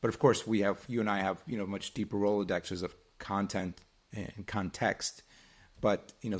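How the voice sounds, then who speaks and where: Deep-voiced man musing in casual chat. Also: little pitch movement, normal speed, breathy edge. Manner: reflective, rambling with restarts. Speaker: podcast co-host.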